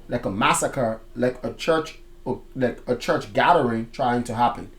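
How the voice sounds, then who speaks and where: A man hosting a music reaction, explaining lyrics line by line in casual, slangy talk with loud excited outbursts. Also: medium pitch, moderate pace, few pauses.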